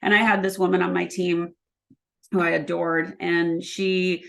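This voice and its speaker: A woman guest on an interview podcast, speaking casually and telling energetic stories, acting out quoted exchanges with plenty of ums. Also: fairly low pitch, a little slow, creaky. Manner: energetic storyteller, acts out quoted dialogue; filler-heavy, frequent ums. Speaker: podcast guest, leadership consultant.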